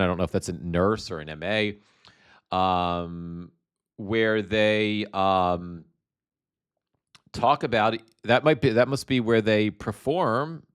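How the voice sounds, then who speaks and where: A man's voice: on the low side, clear, resonant tone. A man hosting a casual political commentary show, sarcastic and stumbling, repeating words as he goes. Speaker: host.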